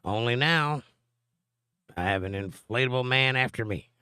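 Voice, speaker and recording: A man's voice: mid-range voice, expressive, normal speed, sharp tone, clean tone, dry recording, studio quality. A middle-aged man, hosting a live stream and reading viewer comments aloud with a joking, chatty manner. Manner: joking, chatty, answers chat directly.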